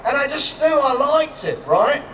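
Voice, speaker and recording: Guy yelling jokes at a rally outdoors, kinda far from the mic, faint noise behind. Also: very high-pitched, sing-song, a little slow. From Canada. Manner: crude, joking, shouting to a crowd. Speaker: public speaker. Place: outdoor public gathering. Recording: echoey and distant, faint background noise.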